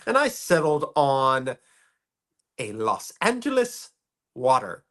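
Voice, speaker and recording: A man's voice: medium pitch, wildly swooping pitch, slow, a bit bright. A man co-hosting a podcast in casual chat, giggly and rambling with lots of fillers. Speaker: podcast co-host.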